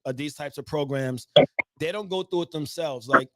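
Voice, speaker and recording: Halting, slightly high-voiced male interviewer. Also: bright, forceful tone, no echo, clean studio sound. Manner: halting, repeats words while asking. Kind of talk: casual interview questions.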